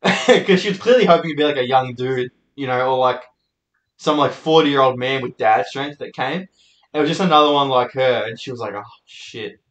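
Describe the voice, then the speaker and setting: A man's voice: mid-range voice, a little fast. A young man, hosting and telling rambling, sweary stories. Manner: rambling, sweary, laid-back anecdotes. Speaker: host. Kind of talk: casual storytelling monologue. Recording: echoey room.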